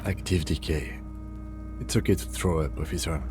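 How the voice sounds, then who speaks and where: Game role: a man doing a level-headed lieutenant, low voice, understated. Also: over music, close to an everyday voice. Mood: calm. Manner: composed, measured, dry. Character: calm, dry-witted male police lieutenant. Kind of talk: video game voice acting.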